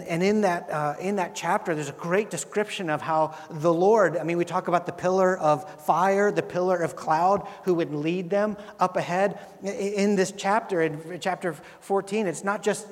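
A man preaching a sermon, earnest, often repeating words and swelling louder for emphasis. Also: a little high. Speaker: pastor. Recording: long reverb of a large hall.

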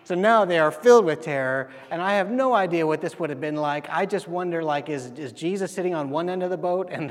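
A male pastor with a high voice delivers a sermon in a casual, talking-to-you way. He keeps asking rhetorical questions and briefly acts out the voices in the story. The sound rings with a long reverb, as in a large hall.

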